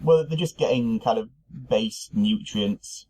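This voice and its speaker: A man's voice: on the low side, unhurried, darkish tone, low-quality recording. A man co-hosting a podcast, thinking aloud casually with fillers and restarts. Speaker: podcast co-host. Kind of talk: casual chat.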